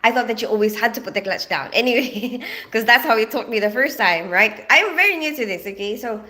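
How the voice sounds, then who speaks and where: A woman's voice: on the high side, lively intonation, brisk, bright, forceful tone. A woman from the Philippines, chatting casually on a livestream in a rambling way, full of fillers. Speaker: livestreaming vlogger.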